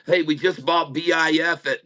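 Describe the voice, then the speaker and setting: A man's voice: a little high, sharp tone. A middle-aged man hosting a day-trading livestream, rambling and chuckling as he tells a joke. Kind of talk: casual joke-telling.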